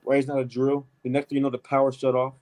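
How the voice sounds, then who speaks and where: A man leading a casual, animated Bible study, reading verses and adding emphatic asides like "man" and "right?". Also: mid-range voice, fast talker, rough recording. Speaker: Bible teacher. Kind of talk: street-style Bible study preaching.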